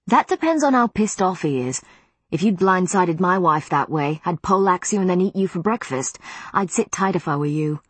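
Woman reader doing a soothing young vampire man, lowish, storybook. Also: lively intonation, moderate pace, husky, no echo. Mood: calm. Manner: soothing, reassuring.

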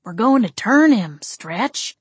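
A woman's voice: mid-range voice, steady tone, unhurried, slightly rough, no echo. A woman doing a blunt older male vampire. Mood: grim urgency. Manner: blunt, matter-of-fact.

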